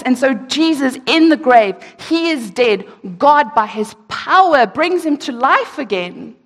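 A woman preaching a sermon, reading scripture slowly and emphatically and asking rhetorical questions. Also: high voice, breathy edge. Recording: echoey hall.

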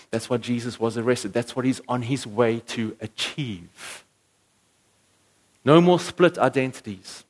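A male preacher giving an earnest sermon that builds to emphatic peaks. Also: medium pitch.

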